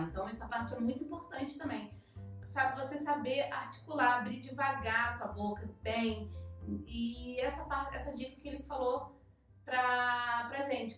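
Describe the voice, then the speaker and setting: A woman's voice: fairly high pitch, a bit bright. A woman from Brazil, co-hosting and recapping a guest's tips in casual explanation. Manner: recaps and translates the guest's points. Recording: very echoey room, distant mic.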